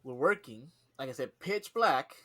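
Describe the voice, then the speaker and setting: A young male podcast co-host, speaking at a normal speed with a medium-pitched voice, swaps stories in a casual chat. He's animated, curses freely, and dramatizes the things people said.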